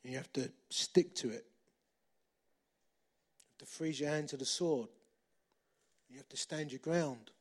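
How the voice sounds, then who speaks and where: A middle-aged man preaching a sermon, repeating phrases for emphasis and moving between loud and hushed delivery. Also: mid-range voice, a little slow, pauses often. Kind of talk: sermon with storytelling.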